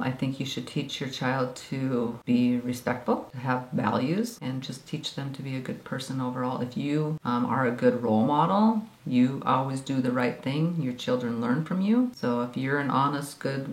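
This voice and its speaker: A woman's voice: rumbling low, normal speed. A middle-aged woman chatting casually with her grown son, giving advice and laughing. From small town. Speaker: guest, the host's mother. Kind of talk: casual family chat. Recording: roomy with faint music.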